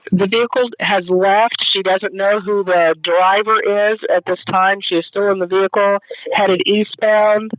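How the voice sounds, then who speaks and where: Calm woman dispatcher on an emergency line. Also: mid-range voice, unhurried, hardly any pauses, dry recording, rough recording. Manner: calm, firm, questioning step by step. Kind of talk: emergency call handling.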